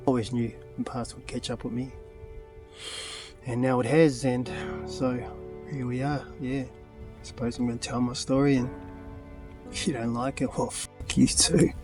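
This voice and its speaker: A man with a New Zealand accent recounts his story to camera in a confessional, halting way. He speaks plainly, trailing off into fillers and asides. His voice sits at a middling pitch, with soft music playing faintly underneath. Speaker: vlogger.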